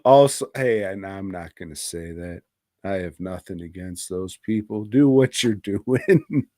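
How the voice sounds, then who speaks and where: A man's voice: deep voice, animated, measured pace, mellow, dry recording, studio quality. A man co-hosting a podcast, reviewing movies in a profane, rambling and irreverent casual chat. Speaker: podcast co-host.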